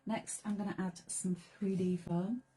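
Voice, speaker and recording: Husky, mellow woman demonstrating crafts. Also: medium pitch, fairly even intonation, a little slow, soft background music. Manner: chatty and playful, drops to soft whispered asides while working. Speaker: crafting presenter. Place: craft studio.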